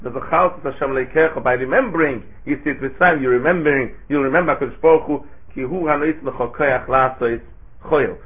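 A man's voice: mid-range voice, brisk. A man giving a Torah sermon, asking rhetorical questions and chanting Hebrew phrases in a lilting way. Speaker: rabbi giving a Torah talk. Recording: tinny phone-like recording.

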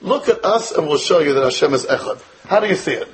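A man's voice: on the high side, animated, fast, rough recording. An American man teaching a Torah class as a rabbi, firing rhetorical questions at his students and weaving in Hebrew and Yiddish terms. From United States. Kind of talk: Torah lecture.

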